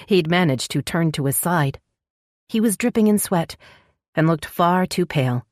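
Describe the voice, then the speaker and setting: Low-pitched lady reading an audiobook, measured and even, dry studio sound. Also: dry recording. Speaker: audiobook narrator. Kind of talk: scripted audiobook narration.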